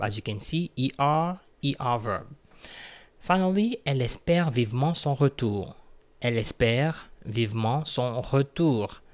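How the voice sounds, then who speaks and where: Patient man teaching a grammar lesson. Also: mid-range voice. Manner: patient, explains step by step with fillers and repeats. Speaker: French teacher.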